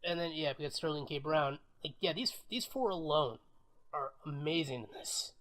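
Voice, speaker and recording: A man's voice: on the high side, normal speed, a bit bright. A man co-hosting a podcast, chatting casually about films and thinking aloud with fillers. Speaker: podcast co-host. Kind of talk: casual film review chat.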